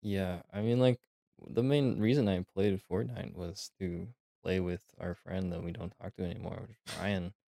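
A man's voice: sits low, steady tone, moderate pace, vocal fry, dark tone, no echo, studio quality. A man co-hosting a casual podcast, laid-back and swearing, with lots of fillers. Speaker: podcast co-host. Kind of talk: casual chat.

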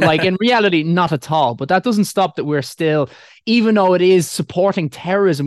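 A man's voice: on the high side, lively intonation, moderate pace, no echo, studio quality. A man with an Irish accent in casual chat, rambling with many fillers and restarts and swearing freely.

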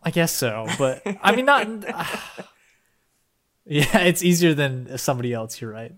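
A young man co-hosting a podcast in casual chat, excitable and rambling, with casual swearing. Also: medium pitch, fairly quick. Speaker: podcast co-host.

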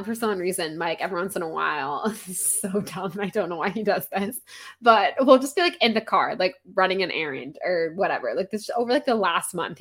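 A young adult woman co-hosting a podcast in casual book-club chat, talking in a chatty, giggly way full of "like.". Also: lowish voice. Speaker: podcast co-host.

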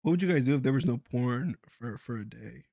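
A man's voice: mid-range voice, lively intonation, fairly quick, creaky, dark tone, no room sound, studio quality. A young man co-hosting a podcast in casual chat, throwing out crude joking questions. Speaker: podcast co-host.

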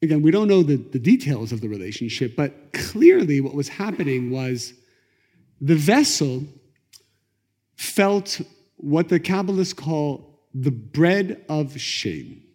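A middle-aged man teaching a class on Kabbalah, telling stories in a lively conversational way. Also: on the high side, takes it slowly. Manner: animated, conversational, acts out quotes. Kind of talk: lecture storytelling. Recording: echoey lecture hall.

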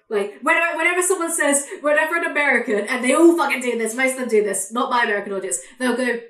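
A woman hosting a podcast, ranting in a casual chat, animated, sweary and sarcastic. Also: high-pitched, very fast, few pauses, echoey room. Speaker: podcast host, YouTuber.

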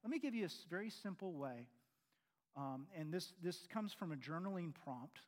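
A man preaching a sermon earnestly, pressing loud questions and then dropping to quiet, low endings. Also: animated, moderate pace.

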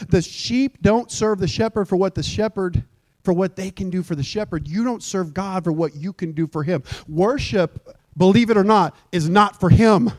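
A pastor preaching a sermon in a lively, joking way, slipping into mock old-fashioned prayer voices. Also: male voice, high-pitched, dry recording. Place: church.

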